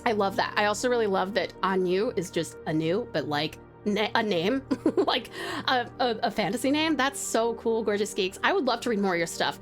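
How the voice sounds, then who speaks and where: Bubbly animated woman streamer. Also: medium pitch, normal speed, faint music behind. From Australia. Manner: bubbly, giggly, gasps often. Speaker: streamer reading viewer stories. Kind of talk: casual live-stream chat and story reading.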